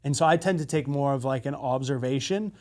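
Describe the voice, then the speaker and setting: A man's voice: mid-range voice, brisk, darkish tone. A man co-hosting a podcast in a casual conversation, candid and self-deprecating, with casual swearing. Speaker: podcast co-host.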